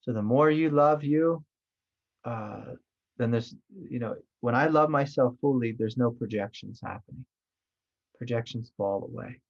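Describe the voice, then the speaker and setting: A man with a gravelly, creaky voice of middle pitch gives a reflective spiritual teaching. He speaks gently and loosely, with fillers and asides. The recording sounds dull and lo-fi. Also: measured pace. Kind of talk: satsang talk.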